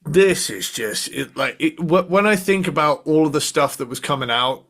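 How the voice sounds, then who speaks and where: A man's voice: fairly high pitch, lively intonation, moderate pace, a bit bright. A man in his thirties co-hosting a casual podcast, talking in a laid-back way with enthusiastic slang. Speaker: podcast co-host. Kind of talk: casual chat ranking albums.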